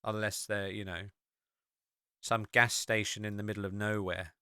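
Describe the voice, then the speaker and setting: A man's voice: on the low side, little pitch movement, normal speed, bright, forceful tone, clean tone, no echo, studio quality. An English man hosting a podcast, chatting casually and rambling with many fillers while he walks through a map on screen. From England. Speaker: podcast host.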